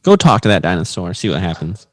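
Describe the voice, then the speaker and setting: A man's voice: low voice, sing-song. A man co-hosting a comedy podcast, laughing often and riffing on crude jokes. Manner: laughs a lot, drawn-out slow delivery. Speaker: podcast co-host.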